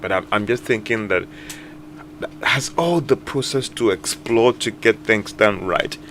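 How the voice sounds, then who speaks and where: A man's voice: on the low side, unhurried, fairly bright tone, a little hiss or hum. A man, a radio co-host musing aloud and asking questions in casual banter. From Ghana. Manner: musing, asks questions, agrees often. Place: radio studio.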